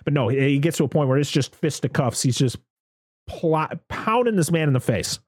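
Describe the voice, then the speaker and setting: A man's voice: on the high side, expressive, a little fast, a little mellow, husky, dry recording, clean studio sound. A man hosting a casual chat, rambling through a movie recap and swearing freely.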